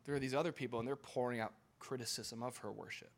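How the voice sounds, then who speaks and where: A man preaching an impassioned sermon as pastor, swinging between loud urging and low intimate tones and often repeating his words. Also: fairly even intonation, fast talker, creaky, slight background noise.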